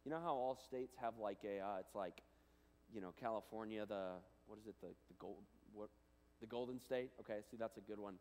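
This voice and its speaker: A man giving a chapel talk to students, animated and casual, swinging between loud and hushed, with plenty of fillers. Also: fairly low pitch, a little fast, a little hiss or hum. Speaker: guest speaker. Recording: reverberant hall.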